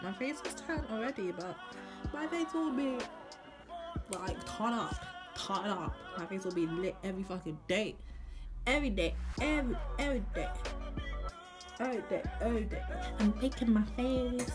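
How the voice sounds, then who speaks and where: A young woman chatting casually while doing her makeup, animated and full of swearing. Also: medium pitch. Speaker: beauty vlogger. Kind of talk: casual get-ready-with-me chat.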